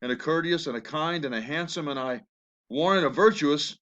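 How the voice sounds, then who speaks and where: A man's voice: a little high, brisk, fairly bright tone, muffled recording, natural voice. A man reading the lines of a complaining old nurse who teases and stalls, as a classroom reading from the play. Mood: grumbling. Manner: read aloud from the play text.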